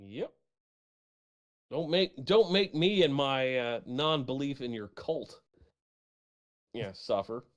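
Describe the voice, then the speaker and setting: A man co-hosting a podcast, adding dark deadpan jokes in casual chat. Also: mid-range voice, slow, long pauses. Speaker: podcast co-host.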